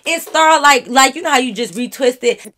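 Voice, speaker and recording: A woman vlogger telling a story straight to her viewers in an animated, profane, casual way. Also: high voice, normal speed, soft background music.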